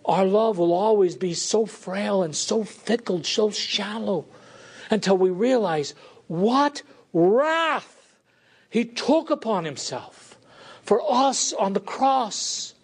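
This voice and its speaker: Fervent high-voiced male preacher. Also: expressive, takes it slowly, breathy edge. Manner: fervent, rising to high pleading questions, dropping low and quiet. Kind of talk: sermon.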